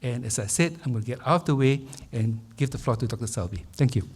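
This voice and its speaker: A man, hosting a public talk and introducing the speaker in measured, hesitant remarks with many fillers. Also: mid-range voice, a little mellow, slight background noise. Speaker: event host introducing speaker. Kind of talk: formal opening remarks.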